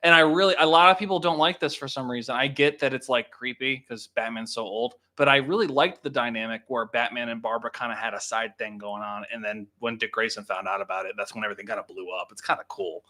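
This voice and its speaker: Young guy on a livestream, bright voice, swears a lot, laughs all the time. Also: mid-range voice, fairly even intonation, fast talker, hardly any pauses. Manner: laughs often, swears, quotes lines in voices. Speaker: livestream host, filmmaker. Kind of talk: casual livestream chat.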